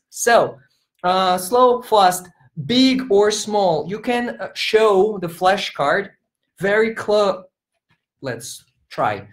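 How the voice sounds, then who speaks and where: Unhurried, playful teacher trainer in an echoey room. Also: medium pitch, expressive, faint music behind. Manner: playful, switches into sung and acted teacher voices for demos. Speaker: teacher trainer presenting at an online conference. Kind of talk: online conference workshop, demonstrating classroom games.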